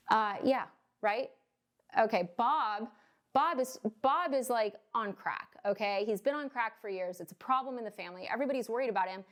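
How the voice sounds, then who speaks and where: A woman's voice: a little high, moderate pace. A woman mortgage loan officer explaining home buying in a casual, chatty way, tossing in "right?" and "okay?" and joking asides. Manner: jokey asides and acted quotes.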